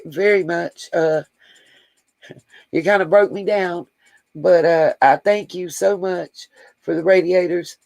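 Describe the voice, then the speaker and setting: Reading out viewer comments, this man chats fondly and loosely on his livestream, talking right to his audience in a medium-pitched, slightly mellow voice. The audio is dry and poor.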